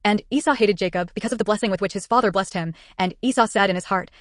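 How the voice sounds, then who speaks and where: A woman reads scripture aloud at a brisk clip, in a steady, even cadence. Her voice sits mid-range and sounds close and dry, with no room around it. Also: medium pitch, no echo. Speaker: Bible reader. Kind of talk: scripted Bible narration.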